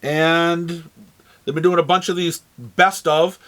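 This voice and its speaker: High-voiced New England man. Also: fairly even intonation, takes it slowly, a bit bright. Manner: rambling, with frequent fillers and restarts. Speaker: comic shop host. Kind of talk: casual product rundown.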